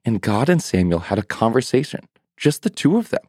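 A man narrating a bedtime story for children in a gentle manner, asking the listeners questions. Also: medium pitch, big pitch swings, brisk, breathy edge, dry recording, clean studio sound.

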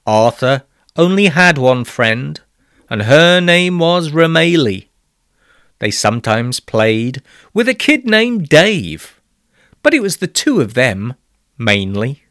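A man's voice: mid-range voice, very animated, slow pace, a bit bright, no echo, clean studio sound. A man narrating a rhyming children's story with a weary, exasperated patience.

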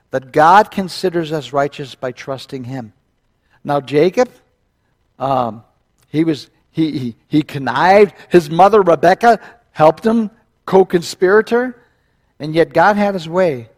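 A male pastor preaching in animated storytelling mode, his voice sitting slightly high. He retells scripture with quick asides and wry comments to the congregation. His delivery moves between narration and direct address. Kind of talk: sermon.

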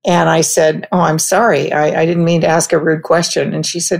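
Gravelly low woman telling a story. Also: little pitch movement. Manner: reflective, halting, with frequent restarts. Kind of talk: personal anecdote told conversationally.

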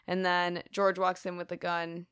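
A woman's voice: fairly low pitch, monotone, measured pace, fairly bright tone, smooth, no room sound, clean studio sound. A woman co-hosting a podcast, casually recapping a film with lots of laughter and swearing. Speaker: podcast co-host.

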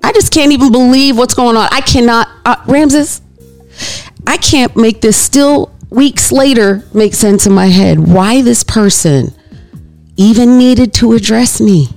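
A woman telling a personal story in an animated way, acting out the voices of the people in it. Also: on the high side, moderate pace, faint music behind. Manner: animated, acts out quoted voices. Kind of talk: emotional storytelling.

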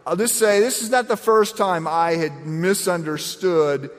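A man's voice: sits high, unhurried. A middle-aged man preaching a sermon in a conversational, self-deprecating way, often repeating words as he starts a thought. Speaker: pastor. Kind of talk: sermon with personal story. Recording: echoey hall.

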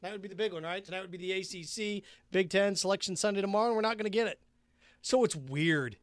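Man, podcast host, high-pitched, joking rambling chat, dry close sound. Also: fast, no room sound. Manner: jokey and rambling, hums and sings along. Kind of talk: casual chat while mixing a drink.

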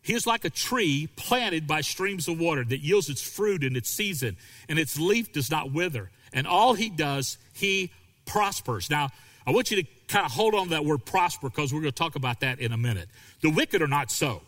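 A male pastor preaching a sermon, animated and acting out quoted voices. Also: fairly high pitch, moderate pace, in a large hall.

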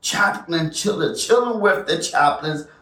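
A man with an African American accent, co-hosting a podcast in a slangy, high-energy way. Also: unhurried, echoey room, distant mic. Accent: African American Vernacular English. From United States. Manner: energetic, slangy, hypes the crowd. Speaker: podcast co-host. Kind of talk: casual hype chat.

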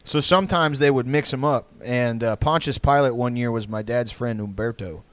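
A man's voice: mid-range voice, moderate pace, no room sound. A man from Texas hosting a podcast, telling comedic stories in a rambling, profane way. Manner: rambling, profane, with frequent restarts. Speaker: podcast host. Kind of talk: casual comedic storytelling.

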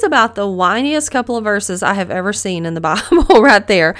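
A woman's voice: medium pitch, lively intonation, brisk, hardly any pauses, fairly bright tone. A middle-aged woman hosting a podcast, giving a casual, earnest Bible lesson and asking the listener questions. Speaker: podcast host teaching the Bible. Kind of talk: casual devotional teaching.

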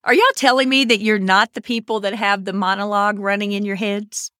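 A woman's voice: mid-range voice, fairly quick, dry recording, studio quality. A woman hosting a podcast over a remote call, chatting casually and laughing often. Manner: laughing, chatty, animated storytelling. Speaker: podcast host. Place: home, on Pacific time.

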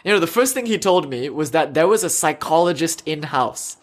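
A young man talks to his yoga class in a loose, joking way, full of ums and easy laughter. His voice sits a little high for a man. He drifts from one point to the next like a casual teacher speaking off the cuff. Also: lively intonation, fairly quick. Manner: laughs often, jokey, rambling with fillers. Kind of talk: casual spiritual talk to a class.

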